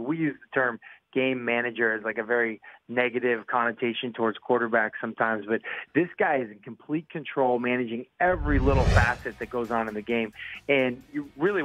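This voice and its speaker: A man in his forties, a former quarterback, calls in as a guest and breaks down football in a relaxed way, with lots of fillers. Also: mid-range voice, no room sound. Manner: relaxed, filler-heavy analysis. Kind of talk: sports talk interview. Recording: tinny phone line.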